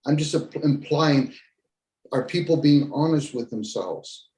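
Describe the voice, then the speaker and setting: A man's voice: fairly high pitch, a little slow, mellow. A man in casual conversation, talking bluntly and ranting, with some swearing. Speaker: podcast host. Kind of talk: casual debrief chat. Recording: echoey room.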